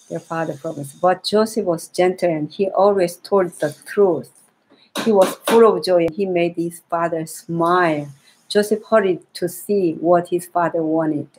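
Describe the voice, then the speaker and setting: A woman reading a Bible story aloud to young children in a gentle way, often restarting and repeating phrases. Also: on the low side, slight background noise, rough recording.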